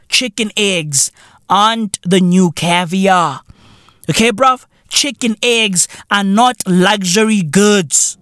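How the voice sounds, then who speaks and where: Profane South African comic ranting. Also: male voice, high-pitched, sharp tone, dry recording, clean studio sound. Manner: profane, repetitive, slangy ranting. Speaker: podcast host. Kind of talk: comedic rant.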